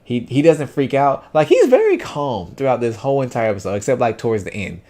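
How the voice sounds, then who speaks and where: A man's voice: mid-range voice, fairly quick. A man giving a casual first-impressions anime review, loose and rambling with lots of fillers and restarts. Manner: chatty, animated.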